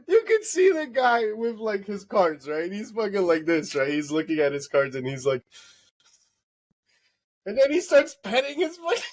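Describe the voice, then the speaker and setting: A man hosting a casual late-night podcast, telling an animated story with lots of swearing and laughter. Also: high voice. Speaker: podcast host.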